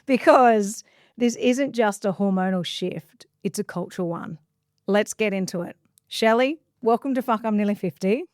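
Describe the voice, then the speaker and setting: A woman's voice: mid-range voice, moderate pace, a little mellow, no room sound, clean studio sound. A woman in her forties hosting a podcast, asking questions in an upbeat, enthusiastic way. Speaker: podcast host. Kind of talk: podcast interview.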